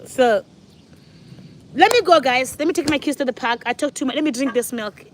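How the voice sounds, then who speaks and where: A woman's voice: sits high, normal speed, a little hiss or hum. A woman in her forties, a mother and vlogger, chatting casually to her viewers at home and laughing often. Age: 40s. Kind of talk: casual sit-down chat.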